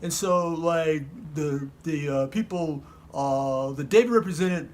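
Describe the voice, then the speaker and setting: A man's voice: on the high side, unhurried, natural voice. A man voicing a laid-back, slangy surfer-dude storyteller in a comic kids' Bible lesson, rambling and full of "like" and "man".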